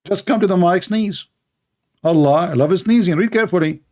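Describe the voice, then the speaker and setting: A man's voice: high-pitched, normal speed, darkish tone. A man giving mocking, exasperated commentary, sarcastic and laughing. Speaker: religious debate commentator.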